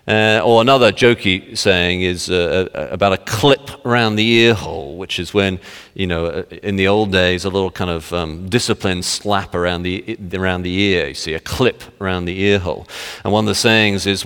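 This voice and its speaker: A man preaching a sermon, reading scripture slowly and solemnly, then talking in a chatty way with many fillers. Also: deep voice, a bit bright, clear, resonant tone. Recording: long hall reverb.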